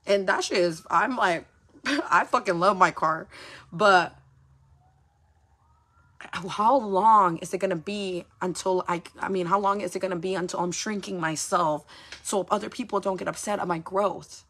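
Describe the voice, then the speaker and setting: A woman's voice: mid-range voice, fairly even intonation, normal speed, fairly bright tone. A young woman talking candidly on a livestream, rambling and emotional, swearing often as she tells her story. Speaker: social media livestreamer.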